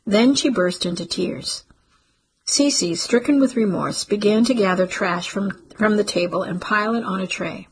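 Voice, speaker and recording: A woman narrating a literary story in a steady audiobook reading. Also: mid-range voice, moderate pace, slight background noise, low-quality recording.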